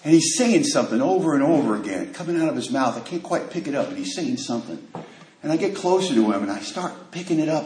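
A man sharing his recovery story at a meeting, a vivid storyteller with casual street grammar who acts out the voices of others and drops to a hush in tense moments. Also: a little high, expressive, fast, a little hiss or hum. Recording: echoey room.

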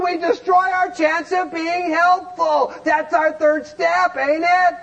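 High-voiced folksy man teaching a group. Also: level tone, takes it slowly, creaky, hardly any pauses, a bit bright, dull audio. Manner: folksy, emphatic, rhetorical questions. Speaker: recovery meeting speaker. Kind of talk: animated teaching talk.

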